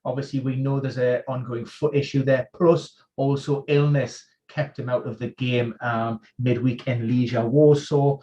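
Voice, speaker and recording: A man acting as an injury expert, running through football team news on a live stream in a quick, informed rundown. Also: medium pitch, little pitch movement, warm tone, poor audio. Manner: informed, rapid-fire rundown of player news. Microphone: video call.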